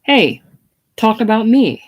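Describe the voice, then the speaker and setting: A woman's voice: lowish voice, a little fast, dark tone. A woman reading the part of a pushy, ambitious young man who hisses his demands. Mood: demanding. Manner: hissing, insistent. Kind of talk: casual play reading.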